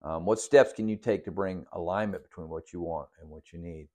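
A man's voice: sits low, fairly quick, a little mellow. A man teaching a Bible passage in a sermon, working through numbered study questions with frequent restarts. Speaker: pastor leading a Bible study.

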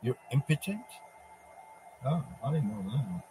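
A man with a middle-pitched voice delivers a ranting religious monologue, taunting and profane. He mocks his target, and a faint noise sits behind him. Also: very animated, unhurried, dark tone, low-quality recording. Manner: speaks in the first person as a divine figure addressing Satan. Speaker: religious preacher.

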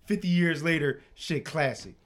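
Dude hosting a podcast, swears a lot, voice sits kinda high, jumps all over. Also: male voice, normal speed, slight background noise. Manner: profane, laughing, animated storytelling. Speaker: podcast co-host. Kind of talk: casual chat. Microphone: studio podcast mic.

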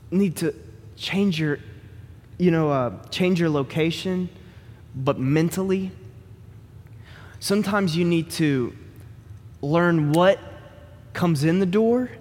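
A male pastor with a rather high, husky voice preaches in an animated, joking way. He talks to the congregation like a friend. His voice carries the long ringing reverb of a big church hall. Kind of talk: sermon.

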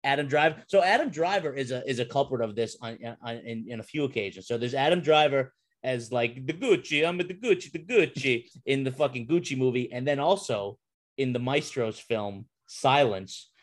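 Young man, podcast host, casual chat, animated, swears a lot, middle pitch. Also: moderate pace. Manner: animated, swears, laughs often, restarts.

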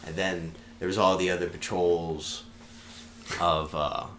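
Very low-voiced man telling stories. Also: flat delivery, a little slow, a bit bright, a little hiss or hum. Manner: rambling, swears freely, laughs through stories. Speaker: podcast guest. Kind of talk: casual storytelling.

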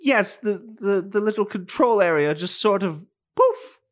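A man putting on a jittery high-voiced crewman. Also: lively intonation, unhurried. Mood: alarmed.

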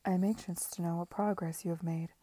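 A woman reading the part of an anxious, fretful gentleman in an audiobook, worried and pleading. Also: fairly low pitch, fairly even intonation, a little fast, husky, no echo.

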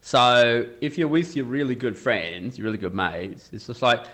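A man's voice: mid-range voice, lively intonation, moderate pace, fairly bright tone. A man with an Australian accent chatting casually, acting out quoted lines in put-on voices. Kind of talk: casual chat.

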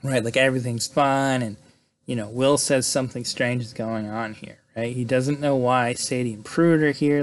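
A man in casual conversation, recounting a story in a loose, chatty way. He swears freely and keeps checking in with "right?". His voice sits at an ordinary middle pitch. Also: steady tone, normal speed. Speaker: podcast host recapping a film. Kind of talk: casual retelling.

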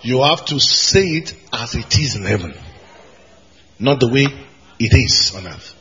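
A pastor delivers an emphatic sermon, his voice leaping between high shouted declarations and quieter low asides. His tone is bright and ringing. The sound carries a long reverb, as in a large church hall. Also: expressive, unhurried, muffled recording.

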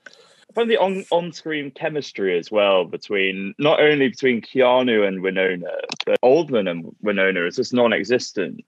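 A man co-hosting a casual film podcast, animated and critical of the film. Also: lowish voice, moderate pace. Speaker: podcast co-host. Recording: dull, dry lo-fi mic.

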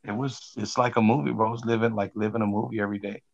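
A man with a deep, gravelly voice spinning rowdy stories from the old days. He talks in a loose, profane way, full of slang and swearing, and his delivery gets animated as the stories build. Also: fast, highs cut off, a little hiss or hum. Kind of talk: casual storytelling.

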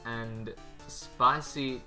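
A man's voice: mid-range voice, steady tone, drawn-out words, bright, forceful tone, faint music behind. A man hosting a podcast, introducing his co-hosts with playful jokes in casual chat. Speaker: podcast host.

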